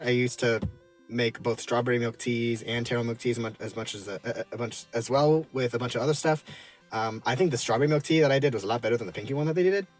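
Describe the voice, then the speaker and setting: A man with a medium-pitched voice reviews drinks casually from his car. His talk is halting, full of fillers and restarts, and he chuckles often.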